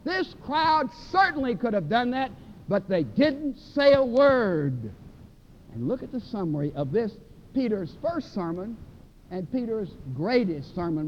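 A man preaches with a strikingly high voice, hammering his points by repeating them and slowing down to stress each quoted verse. The recording sounds dull and lo-fi, with a faint low rumble underneath. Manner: emphatic, repeats phrases for force. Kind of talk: sermon.

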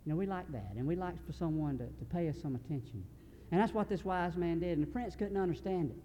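A man's voice: fairly high pitch, quick pace, mellow, lo-fi sound, slight background noise. A man preaching a sermon in a large hall. He speaks earnestly in a folksy way and often restarts his sentences. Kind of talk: sermon storytelling.

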